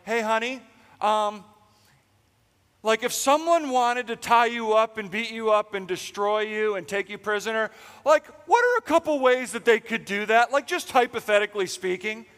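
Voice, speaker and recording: A man's voice: high-pitched, normal speed, fairly bright tone, smooth, voice pushed up. Male pastor doing a whiny, coaxing young woman, raised and sing-song, in a reverberant church hall. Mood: wheedling. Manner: coaxing, valley-girl "like" phrasing. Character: nagging young woman wheedling her lover.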